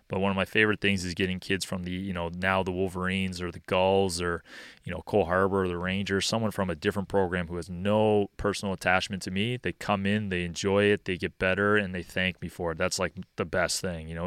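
Young man, hockey coach, deep resonant voice, laid-back talker with plenty of fillers. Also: clear, resonant tone, no room sound, clean studio sound. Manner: relaxed and rambling, many fillers like "you know" and "um". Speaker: hockey skills coach and podcast guest. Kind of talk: casual interview chat.

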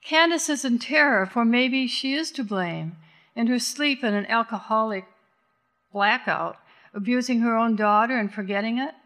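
Intense, measured woman narrator. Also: fairly high pitch, a bit bright. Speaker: audiobook narrator. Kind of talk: scripted narration.

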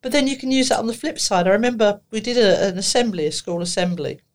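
A woman therapist, telling lively stories on a podcast, laughing and acting out the conversations she recounts. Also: medium pitch, quick pace. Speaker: therapist guest. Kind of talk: anecdotal storytelling on a podcast.

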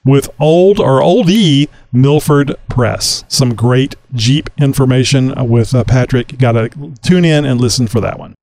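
A man hosting a casual podcast, chatty and quick to laugh. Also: medium pitch, darkish tone, slight background noise. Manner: laughs easily, loose and chatty. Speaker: podcast host.

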